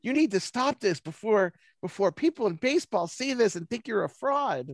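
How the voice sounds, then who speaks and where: A man's voice: sits high, expressive, normal speed, dry recording, studio quality, pitched above the performer's own voice. A man putting on his fretting mother's nagging voice. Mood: fretful nagging. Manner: nagging, anxious. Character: fretting Jewish mother scolding her adult son. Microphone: video call.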